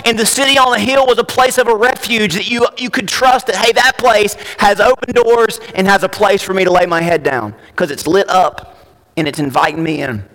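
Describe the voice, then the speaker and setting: High, bright-voiced preacher man. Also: normal speed. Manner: emphatic, swings between quiet asides and loud declarations. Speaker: pastor. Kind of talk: sermon. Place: church sanctuary. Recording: church hall with long reverb.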